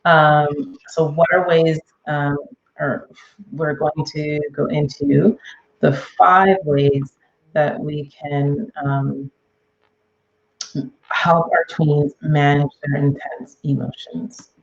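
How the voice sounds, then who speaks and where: A woman's voice: low voice, flat delivery, extremely slow, creaky, lo-fi sound. A middle-aged woman hosting a parenting podcast, giving casual advice with lots of "okay?" and "um". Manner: chatty, frequent "okay?" and "um" check-ins.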